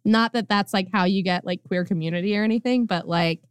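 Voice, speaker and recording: Chatty woman guest, smooth voice. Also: medium pitch, brisk, no room sound, clean studio sound. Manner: laughing often, lots of "like" fillers. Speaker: podcast guest. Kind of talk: casual chat.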